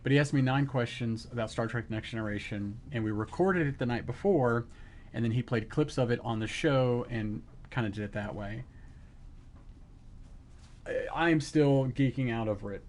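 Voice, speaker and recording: A middle-aged man streaming live, telling an excited story in casual chat and acting out the quotes. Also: mid-range voice, moderate pace, a little hiss or hum.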